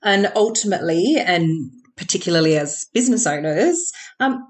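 Woman, slightly low voice, podcast guest, reflective, lots of "um"s. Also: expressive, normal speed. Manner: reflective, frequent "um" and "you know". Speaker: podcast guest, business owner. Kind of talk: conversational interview answers.

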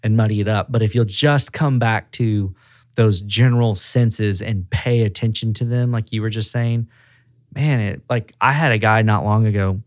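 Animated man telling workplace stories. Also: on the low side, normal speed, no echo, clean studio sound. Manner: animated storyteller acting out quoted dialogue. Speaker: auto repair regional director. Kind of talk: casual podcast interview.

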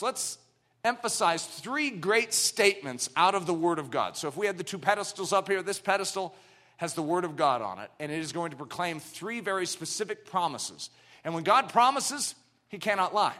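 A middle-aged man preaching a sermon, swinging from loud declarations down to hushed, low passages.

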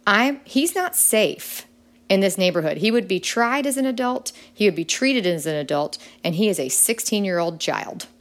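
A middle-aged woman speaking earnestly as a podcast guest, her pitch leaping up when she stresses a point. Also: expressive, normal speed. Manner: earnest, with sudden upward pitch leaps when emphatic. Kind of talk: earnest conversational interview.

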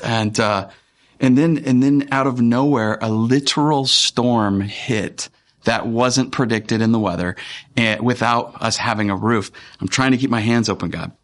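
A man, a pastor, giving a conversational and earnest sermon with frequent pauses and fillers. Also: medium pitch.

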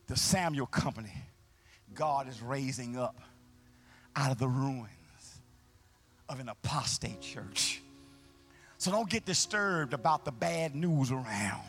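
A man pastor preaching a sermon live in a church, with a call-and-response, sing-song delivery that swells into shouts, and folksy, colloquial phrasing. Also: medium pitch, expressive, slow, pauses often, faint music behind. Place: church sanctuary, live service.

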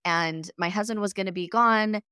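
A woman telling a story casually in a conversation, lively and laughing as she acts out the quoted texts. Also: medium pitch, moderate pace, smooth, dry recording, clean studio sound.

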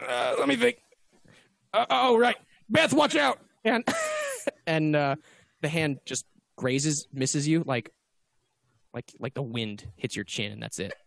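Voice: medium pitch, expressive, slow pace, vocal fry, no echo, clean studio sound. A game master running a tabletop role-playing game over an online call, rambling, interrupting themselves and laughing often. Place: remote call.

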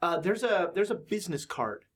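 A woman's voice: on the low side, expressive, moderate pace, slight background noise. A woman running a tabletop game as game master, narrating the scene with a playful manner and bursts of sound words. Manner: playful, laughs through descriptions, adds sound words.

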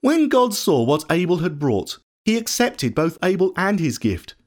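Earnest, expressive male storyteller. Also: sits high, a little slow. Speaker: narrator. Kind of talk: scripted storybook narration.

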